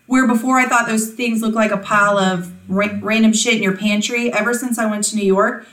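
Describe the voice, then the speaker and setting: A woman in her forties chatting casually, telling stories with lively energy and freely swearing. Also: medium pitch, brisk. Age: 40s. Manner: animated storyteller, swears freely. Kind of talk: casual chat. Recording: echoey room, distant from the mic.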